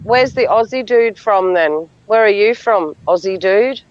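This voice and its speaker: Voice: medium pitch, animated, a little slow, lo-fi sound. A speaker who teases playfully and flirtatiously in a casual group chat.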